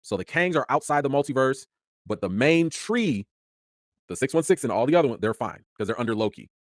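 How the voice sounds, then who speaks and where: A young man, chatting casually as host of a review show, his energy swinging between excitement and tired mumbling. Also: mid-range voice, a little fast, no room sound, studio quality.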